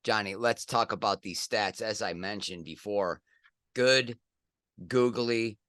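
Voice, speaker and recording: Jokey middle-aged guy on a sports podcast, bright punchy voice, dry close sound. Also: fairly low pitch, takes it slowly, no room sound. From United States. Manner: animated, jokey, bursts into loud excited outbursts. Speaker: podcast co-host. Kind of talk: casual sports chat.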